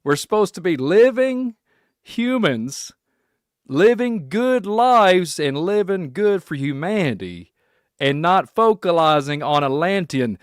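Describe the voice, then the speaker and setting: A man from Kentucky with a Southern accent, hosting a rambling solo podcast, excitable and laughing often as he jumps between topics. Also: sits high, slow, clear, resonant tone, no room sound, clean studio sound. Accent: Kentucky Southern American. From Kentucky, USA. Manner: excitable, laughing, puts on silly voices. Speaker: podcast host.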